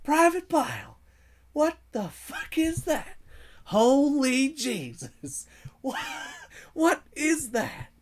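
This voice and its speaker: A man's voice: extremely high pitch, big pitch swings, voice pushed up, full character voice. A man imitating a furious male military drill sergeant who bellows and drags out his words at a recruit. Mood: outraged. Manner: shouting, drawn-out bellowing.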